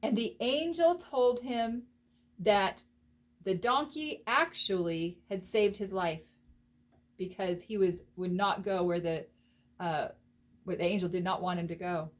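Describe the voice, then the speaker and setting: A woman teaching a children's Bible lesson, telling the story in an animated, expressive way and asking the listeners questions. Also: mid-range voice, unhurried.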